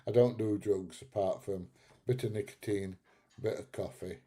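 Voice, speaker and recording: A man's voice: lowish voice, steady tone, moderate pace, warm tone. A middle-aged man hosting a live stream, chatting casually and bluntly, swearing and laughing at his own jokes. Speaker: live stream host reading chat.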